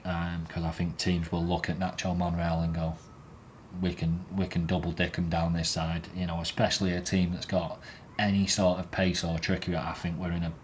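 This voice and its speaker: Blunt, sweary deep-voiced man. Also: a little hiss or hum. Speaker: football fan podcast host. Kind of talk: casual football chat, rating players.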